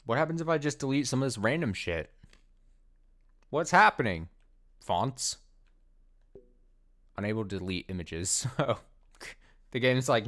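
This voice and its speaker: A man's voice: medium pitch, animated, unhurried, pauses often, fairly bright tone. A man streaming a game, talking casually, swearing and laughing often. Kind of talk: casual let's play commentary.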